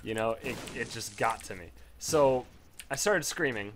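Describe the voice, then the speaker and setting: A man delivers laid-back gameplay commentary, wandering through a story with plenty of cursing and abrupt, excited spikes in pitch. His pace is a little slow, and there's slight background noise.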